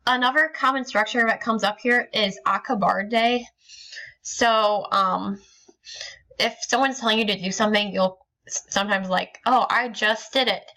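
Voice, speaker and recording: A woman teacher talks through a recorded lesson at a middling pitch. Her tone is bright and crisp, and she moves step by step with frequent ums and small restarts. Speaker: Spanish teacher.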